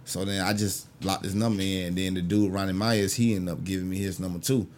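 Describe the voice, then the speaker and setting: A man from Augusta, a comedian telling stories in a casual, animated way and acting out the people he quotes. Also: a little fast, a little hiss or hum. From Augusta, Georgia, US. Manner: animated, acts out quoted people with big pitch jumps. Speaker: stand-up comedian guest. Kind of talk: casual storytelling.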